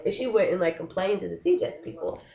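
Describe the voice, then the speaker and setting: A young woman speaks straight to her camera in a casual vlog rant, animated and frustrated, with "like" dropped in constantly. Her voice sits at a middling pitch. The recording sounds a little dull and lo-fi. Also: fast talker, gravelly. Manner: frustrated, animated, heavy use of "like". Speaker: vlogger. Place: living in Korea.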